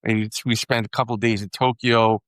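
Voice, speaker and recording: A middle-aged retired detective telling travel stories in a laid-back, self-deprecating way. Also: male voice, on the low side, level tone, fairly quick, a bit bright, dry recording, studio quality. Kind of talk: casual storytelling. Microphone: video call from home.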